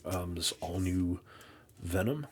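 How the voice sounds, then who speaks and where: This comic-collecting vlogger has a low, animated voice, with a bit of hiss or hum in the audio. He unboxes his shipment in casual chat, stumbling through restarts and rambling while poking fun at himself in exasperation.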